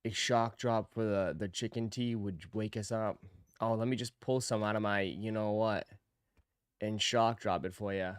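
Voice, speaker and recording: A man's voice: fairly low pitch, fairly even intonation, normal speed, smooth, no echo, studio quality. A man hosting a sneaker live stream, chatting casually with viewers in a laid-back, teasing, slangy way.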